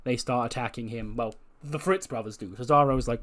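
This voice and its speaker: Male video host narrating a game recap, casual, profane, mid-pitched voice. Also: fairly even intonation, fast talker, hardly any pauses. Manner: chatty, profane, laughs while telling.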